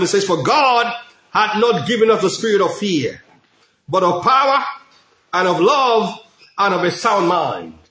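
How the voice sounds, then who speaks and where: A middle-aged man preaches in a notably high voice, hammering each point through repetition and shouts of praise. The sound carries a roomy echo. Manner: emphatic, repetitive preaching with frequent praise interjections. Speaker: pastor. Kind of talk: sermon. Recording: echoey room.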